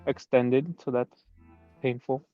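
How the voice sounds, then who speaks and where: A man's voice: medium pitch, level tone, takes it slowly, warm tone, no room sound, muffled recording, faint music behind. A man co-hosting a football podcast, talking casually and hesitantly with many fillers. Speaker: podcast co-host.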